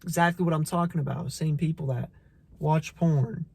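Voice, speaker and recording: A man's voice: fairly high pitch, fairly even intonation, normal speed, gravelly, a little mellow, slightly rough. A man giving a blunt, profane motivational talk, preaching at the listener, repeating himself and restarting his sentences. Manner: repeats phrases, stumbles on restarts. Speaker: motivational vlogger. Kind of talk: casual motivational monologue.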